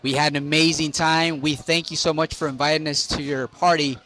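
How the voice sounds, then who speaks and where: A man's voice: fairly high pitch, level tone, brisk, bright, forceful tone. A man from a photo booth rental company leaving an upbeat thank-you message. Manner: upbeat, friendly sign-off. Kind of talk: guest book voice message.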